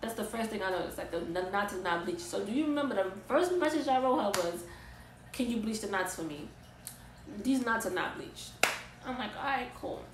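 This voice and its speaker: A young woman telling an animated, exasperated storytime vlog in casual slang. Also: medium pitch, a little fast, roomy sound, slight background noise, rough recording. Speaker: vlogger.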